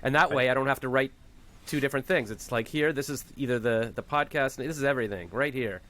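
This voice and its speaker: A man's voice: medium pitch, quick pace, pushed and bright. A man hosting a podcast, chatting casually and telling rambling, joking stories. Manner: rambling, jokey storyteller. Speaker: podcast host. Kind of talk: casual chat.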